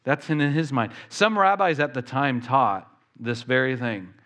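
A man preaching a sermon as pastor, talking in an animated way and acting out the voices of the people he quotes. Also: mid-range voice, measured pace.

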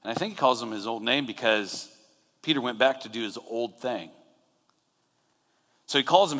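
A man's voice: medium pitch, normal speed, long pauses, a bit bright. Conversational male pastor in a reverberant hall. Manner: conversational, retells scenes with acted-out quotes. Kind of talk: sermon.

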